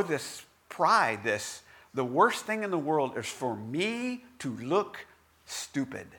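A man giving a conversational devotional talk in a candid, self-deprecating storytelling manner, with halting restarts. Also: mid-range voice, creaky, sharp tone. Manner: halting restarts and filler words.

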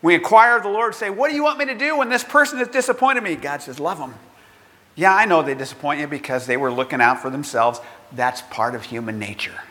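An older man preaching a sermon in an earnest, conversational way, acting out quotes with lively energy. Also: fairly high pitch, brisk, long reverb tail. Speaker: pastor.

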